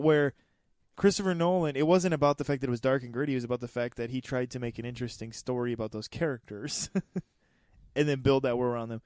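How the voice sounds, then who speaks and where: Smooth-voiced rambling podcast host. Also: male voice, mid-range voice, a little mellow, no room sound, studio quality. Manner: rambling, restarts, laughs often. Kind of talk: casual movie chat.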